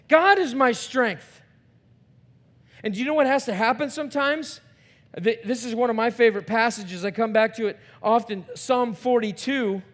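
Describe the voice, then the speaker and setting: Slow-speaking pastor with a high voice. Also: male voice. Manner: swings from quiet to shouting; repeats words when thinking. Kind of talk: sermon. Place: church sanctuary.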